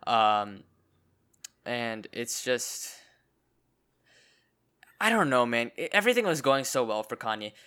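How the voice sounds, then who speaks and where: A man's voice: mid-range voice, sing-song, takes it slowly, pauses often, bright, forceful tone, smooth. A young man in casual chat as a podcast co-host, stammering and restarting his sentences often.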